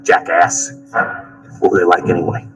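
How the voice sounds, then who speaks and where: An actor playing a grown man bickering with his buddy in a comedy film clip, needling and rapid. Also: deep voice, little pitch movement, loud music behind the voice, lightly acted, low-quality recording.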